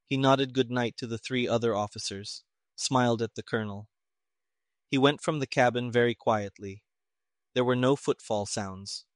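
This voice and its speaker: A man reading a story aloud as narrator in an even, measured manner. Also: medium pitch, no room sound, studio quality. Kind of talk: audiobook narration.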